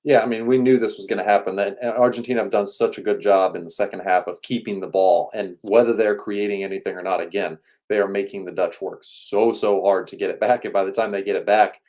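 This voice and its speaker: A man's voice: on the low side, steady tone, darkish tone. A man co-hosting a watchalong from a remote location, giving casual, talkative tactical analysis with a dry joking streak. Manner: fast, talkative, dryly joking. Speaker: co-host and soccer analyst. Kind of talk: casual analysis over a video call. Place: Kansas City, joining remotely.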